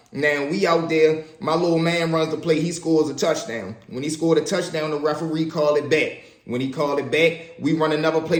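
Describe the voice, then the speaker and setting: Animated storyteller man, echoey room. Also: on the high side. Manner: animated, acts out voices of people in the story. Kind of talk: casual spoken storytelling.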